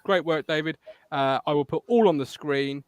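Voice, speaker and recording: Chatty host in a dry room. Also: male voice, on the high side, normal speed, smooth, dry recording. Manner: chatty, laughs often, reads out viewer comments. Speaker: podcast host. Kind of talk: casual live-stream chat.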